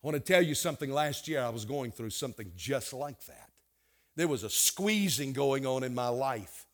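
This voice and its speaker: A middle-aged man preaching a sermon, swinging from hushed, quiet passages to loud, emphatic ones. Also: mid-range voice, expressive, moderate pace. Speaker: pastor.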